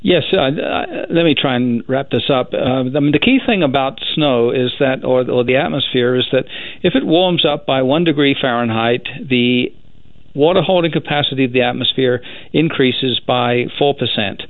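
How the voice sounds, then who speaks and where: A man appearing as a scientist guest on a radio show, explaining in a measured way with hesitant fillers. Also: medium pitch, dry recording. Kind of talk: explanatory interview answer. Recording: tinny phone line.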